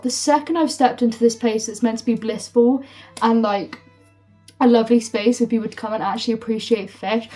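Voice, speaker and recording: A young woman telling a storytime vlog, swearing freely and filling her talk with "like", heated and animated. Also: fairly high pitch, fairly quick. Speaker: storytime vlogger. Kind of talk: casual storytime rant. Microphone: phone. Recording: phone mic from a distance with faint music.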